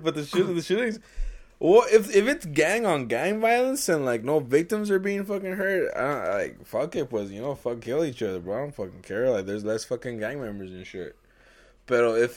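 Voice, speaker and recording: A young man, co-hosting a casual podcast, rambling and swearing constantly, often laughing and acting out quotes. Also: medium pitch. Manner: profane, rambling, laughs a lot, acts out quotes. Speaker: podcast co-host.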